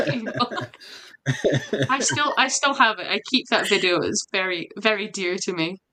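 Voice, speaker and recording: Bright, eager woman chatting. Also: medium pitch, animated, brisk, rough recording. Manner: enthusiastic, laughs often. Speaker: podcast guest, campaign player. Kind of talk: casual chat.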